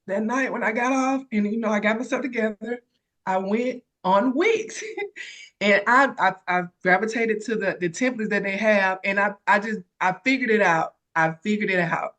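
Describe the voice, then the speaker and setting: A woman telling an emotional personal story about starting her business, animated and close to tears. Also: mid-range voice, normal speed. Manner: animated storytelling, acts out others' voices. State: tearful. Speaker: credit repair consultant sharing her story.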